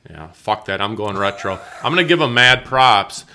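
Male podcast co-host, bright forceful tone, jokey and profane, casual banter. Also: fairly low pitch, lively intonation, moderate pace, a little hiss or hum. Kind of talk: casual chat.

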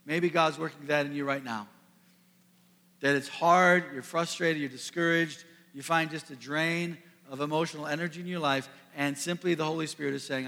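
Brief: male pastor, high bright tone, earnest sermon delivery in a reverberant church hall. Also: steady tone, moderate pace, vocal fry. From US Midwest. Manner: earnest, builds to emphatic peaks then drops soft. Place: church sanctuary. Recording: long reverb of a large hall.

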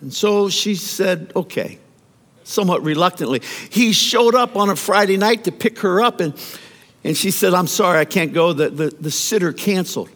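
A man preaching a sermon, telling stories with lively emphasis and often repeating words as he goes. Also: sits high, moderate pace. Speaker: pastor. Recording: long hall reverb.

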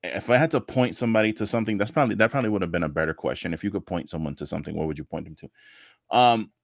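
Lively swearing man telling stories. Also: sits low, rapid-fire, creaky, no room sound, studio quality. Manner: animated storytelling, heavy swearing, acts out quotes. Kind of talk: casual wrestling chat.

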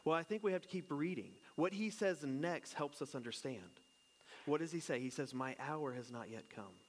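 A man's voice: fairly high pitch, moderate pace, slight background noise. Chatty, joking man preaching. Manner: chatty and joking, asks the congregation questions. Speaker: pastor. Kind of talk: casual conversational sermon.

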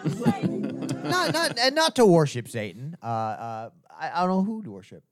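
Giggly podcast co-host, bouncy voice. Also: male voice, medium pitch, big pitch swings, measured pace, vocal fry, no room sound, clean studio sound, soft background music. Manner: silly, giggly, teasing. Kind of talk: casual podcast banter.

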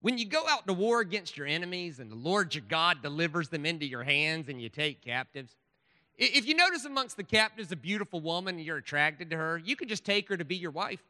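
A man's voice: fairly high pitch, big pitch swings, a little fast, bright, forceful tone, big-room sound, exaggerated voice. A man voicing a fiery, sarcastic Southern preacher with a Southern accent and a brash preaching cadence. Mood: mock preaching.

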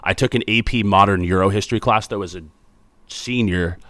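Upbeat low-voiced man, chatty principal. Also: fairly quick, fairly bright tone, no echo. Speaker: school principal. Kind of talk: casual interview answers.

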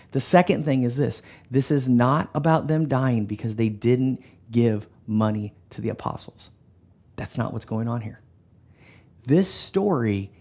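A man preaching a sermon in an animated, emphatic way, often dropping to a soft, low delivery. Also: creaky, breathy edge. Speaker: pastor.

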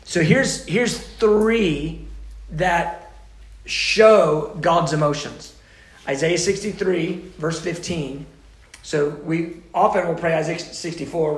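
A man preaching a teaching sermon, his fairly high voice rising into urgent, loud pleas and then dropping to near-whispered intimacy. The passion runs through every phrase. His voice carries with a noticeable room echo. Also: takes it slowly. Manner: passionate, swings from loud urgent pleading to hushed intimate tones.

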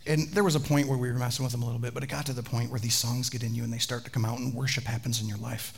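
A man, a pastor, preaching a sermon with animated storytelling and chatty asides to the congregation. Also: mid-range voice, very fast, creaky, a little hiss or hum.

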